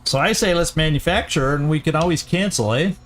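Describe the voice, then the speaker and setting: A man hosting a let's play, giving casual gameplay commentary as he thinks aloud, often halting and restarting. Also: a little high, a bit bright, slight background noise.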